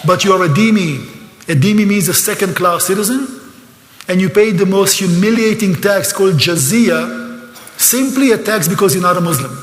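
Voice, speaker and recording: A man's voice: high voice, normal speed. Older israeli guy lecturing a crowd, gets emotional and sarcastic, roomy hall sound. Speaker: seminar lecturer. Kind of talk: live lecture to an audience. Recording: echoey hall.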